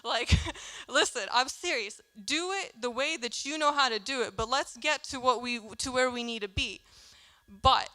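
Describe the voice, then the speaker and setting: A woman's voice: sits high, normal speed, pushed and bright, no echo. A young woman giving a candid, chatty youth sermon in a church, laughing often as she talks. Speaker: youth speaker.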